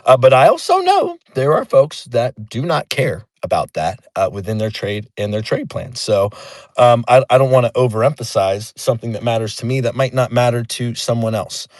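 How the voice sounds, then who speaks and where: A man's voice: medium pitch, dry recording. A man hosting a casual chat, swearing freely and tagging his points with "right?". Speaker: host.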